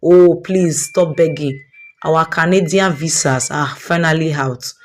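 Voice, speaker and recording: A woman's voice: deep voice, unhurried, a little hiss or hum. A woman voicing a spoiled, entitled young daughter with a haughty, dismissive manner.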